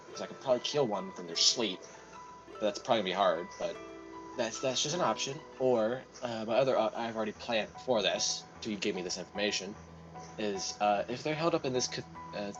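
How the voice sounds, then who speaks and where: A man's voice: lowish voice, dull audio. A man playing a tabletop role-playing game, rambling and thinking aloud as he plans, with frequent restarts. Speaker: player. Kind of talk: casual tabletop role-play.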